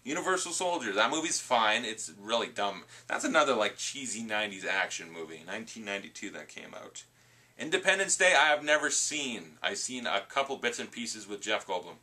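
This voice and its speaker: A man's voice: fairly low pitch, expressive, pushed and bright. A man giving a casual, rambling movie review full of asides. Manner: chatty, rambling with asides and quick impressions.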